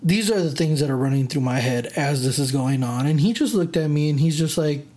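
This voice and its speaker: A vlogger telling a personal story in a casual rant, animated and dramatic, with many fillers and restarts. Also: mid-range voice, a little fast.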